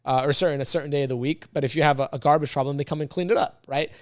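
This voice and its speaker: A man from the United States, a podcast guest, telling a story in a casual, animated, slangy way and laughing often. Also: on the high side, rapid-fire, no room sound, studio quality.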